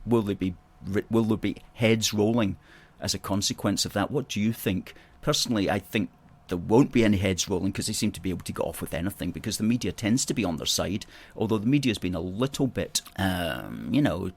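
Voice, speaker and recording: A man with a Scottish accent hosting a livestream, chatting in an opinionated, rambling way, reading out viewer comments and correcting himself as he goes. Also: low voice. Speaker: host.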